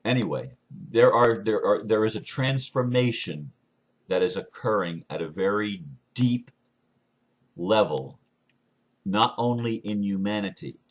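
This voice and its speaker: A man from the United States talking in an earnest, unscripted monologue, often halting and restarting his phrases. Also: fairly low pitch, expressive. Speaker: speaker sharing beliefs.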